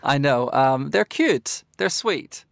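Male guest, gravelly fry, easygoing, jokes at own expense. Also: medium pitch, animated, slow pace, no echo, studio quality. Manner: laid-back, self-deprecating humor. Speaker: radio guest. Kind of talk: casual radio discussion.

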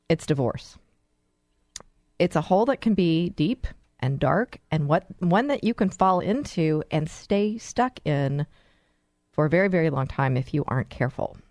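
A woman's voice: low-pitched, darkish tone, dry recording, clean studio sound. A woman hosting a radio talk show, speaking in an earnest, encouraging way and telling stories to her listeners.

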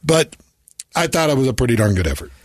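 A man chatting casually about sports on a talk show. His voice sits at a middle pitch and sounds dry and close, with no room around it. He tells stories in an animated way and drops into short impressions. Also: fast talker, no echo. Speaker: co-host.

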